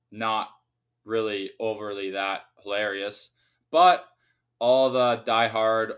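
A man's voice: fairly low pitch, a bit bright. Profane ranting man hosting a podcast. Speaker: podcast host. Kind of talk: casual solo podcast rant.

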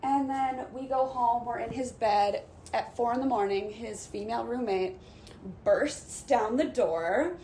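A young woman with a somewhat high voice tells a candid dating story and acts out each line people said. The room rings with echo, and a faint hiss sits under her voice. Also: a little slow. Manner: candid, animated storytelling with acted-out quotes. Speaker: podcast guest. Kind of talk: casual storytelling chat. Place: room in Los Angeles.

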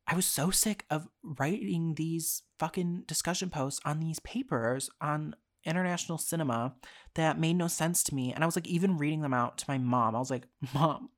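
A young adult podcast host, mid-pitched, ranting casually about a frustration. The talk is blunt and full of swearing and filler words. Short laughs break up the phrases. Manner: profane, exasperated and frank, with frequent fillers. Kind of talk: casual storytelling rant.

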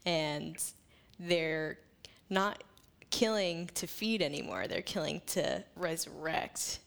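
A woman speaking in a relaxed, casual chat, pausing often and stretching out her phrases as she thinks aloud. Her voice is fairly low and her delivery very slow. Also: gravelly. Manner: unhurried, thoughtful, drawn-out phrasing. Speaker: co-host brainstorming a story.

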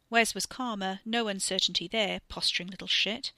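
A woman narrating a serialized audiobook story in a measured, literary way. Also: medium pitch, steady tone, pushed and bright, dry recording. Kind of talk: scripted narration.

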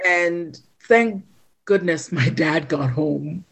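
A woman from Ghana, a podcast guest, telling a personal story in an animated way and acting out the voices of the people in it. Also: deep voice, slow pace, breathy edge. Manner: animated storyteller who acts out quoted voices.

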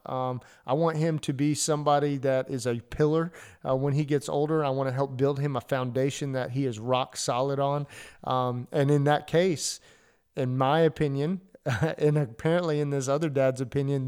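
Smooth-voiced man telling a story. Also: on the high side, a little mellow. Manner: rambling, filler-heavy storytelling. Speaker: faith podcast host. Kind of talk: casual storytelling podcast.

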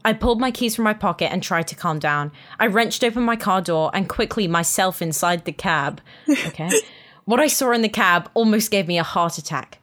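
A woman's voice: mid-range voice, lively intonation, moderate pace, a bit bright. A young woman and podcast co-host reading a fan fiction aloud in the first person, dramatic, with amused asides in the chat. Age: young adult.

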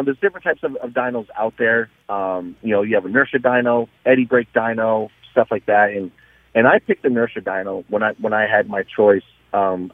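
A man's voice: lowish voice, no echo. A man, a guest business owner, telling stories in a casual radio interview over the phone, restarting sentences often. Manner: animated storyteller, many restarts. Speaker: guest, dyno shop owner. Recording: tinny phone line, husky.

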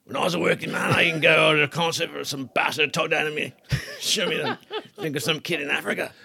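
A man putting on the voice of a gruff older male rock singer, ranting. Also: on the high side, fairly even intonation, a little fast, sharp tone, exaggerated voice. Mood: indignant.

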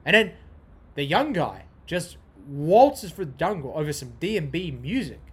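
This young podcast host's fairly high, fairly bright voice is slightly rough, moving at a moderate pace with big pitch swings. His rambling monologue is loose and profane, repetitive, and prone to tangents.

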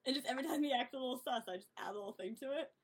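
A woman chatting casually among friends, telling stories with bursts of laughter and excitement. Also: high-pitched, very fast, breathy edge. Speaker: podcast co-host. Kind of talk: casual chat.

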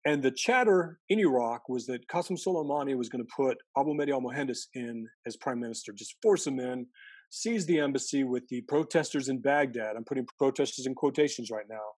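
A man being interviewed as a former intelligence analyst, talking in an animated storytelling way and often restarting his sentences. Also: medium pitch, a little fast, slightly rough, dry recording. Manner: animated storytelling, mimics quoted voices, frequent self-restarts. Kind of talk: conversational interview.

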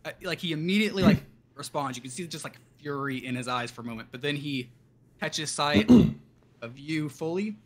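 A man narrating as game master of a tabletop game, in loose, halting speech full of fillers. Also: fairly high pitch, lively intonation, fairly bright tone, a little hiss or hum.

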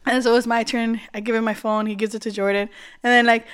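Young female podcast co-host, higher voice, casual swearing storyteller. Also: level tone, fast, clean tone. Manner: chatty storyteller, acts out quotes, swears freely. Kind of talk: casual chat.

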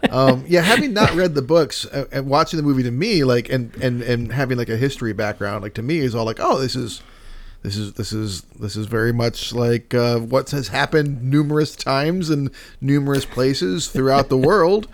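Gravelly-voiced man musing on a podcast. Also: mid-range voice, normal speed, hardly any pauses. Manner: hesitant, musing, many fillers and restarts. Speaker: podcast co-host. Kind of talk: casual chat.

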